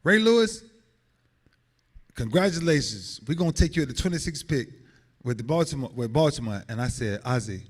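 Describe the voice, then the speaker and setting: A man in his forties, a guest speaker telling lively stories, acting out the quotes with big jumps in pitch. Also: fast, breathy edge. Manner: animated, acts out quotes with big pitch swings and laughs. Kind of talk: lively storytelling. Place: hotel banquet hall.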